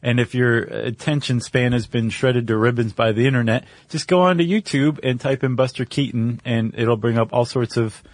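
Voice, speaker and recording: A man's voice: medium pitch, moderate pace, few pauses, dry recording. A man co-hosting a podcast, telling stories in an enthusiastic, conversational way. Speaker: podcast co-host. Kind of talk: casual chat.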